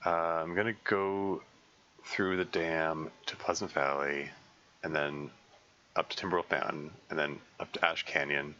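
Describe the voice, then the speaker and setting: A man streaming a survival game, talking through his plans in a halting way full of fillers and restarts. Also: rumbling low, flat delivery, sharp tone, muffled recording. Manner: halting, thinking aloud with many fillers and restarts. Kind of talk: casual live gameplay commentary.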